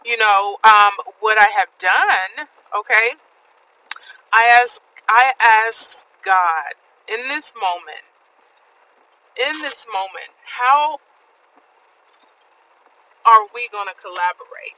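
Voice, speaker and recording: A woman's voice: mid-range voice, expressive, slow, pauses often, pushed and bright, recorded from a distance, dull audio. A woman talking casually in a motivational vlog while driving, often adding "right?" to her points. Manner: chatty, says "right?" often. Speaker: vlogger. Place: inside a car, driving. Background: vehicle noise.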